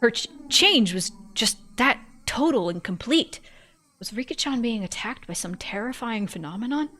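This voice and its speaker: A woman's voice: a little high, lively intonation, moderate pace, sharp tone, slight background noise. A woman streamer narrating a visual novel in first person, reading expressively and breaking off for joking asides.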